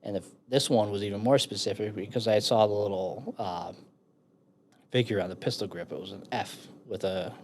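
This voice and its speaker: A man's voice: on the low side, normal speed, slight background noise. A man in his thirties from the United States, a firefighter telling a war story in casual talk, swearing and acting out the others in it. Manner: swearing, animated when quoting others. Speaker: podcast guest, firefighter and veteran.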